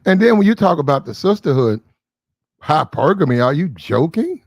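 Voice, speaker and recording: A man's voice: fairly high pitch, sing-song, normal speed, no room sound. Man, livestream host, blunt and disbelieving, swears casually; dry, close sound. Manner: blunt, incredulous, swears freely. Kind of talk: casual commentary.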